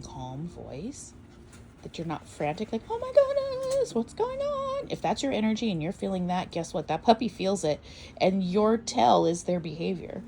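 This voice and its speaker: A woman trainer giving casual, calm and encouraging instruction on raising puppies. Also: low-pitched. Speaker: puppy trainer. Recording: steady background noise.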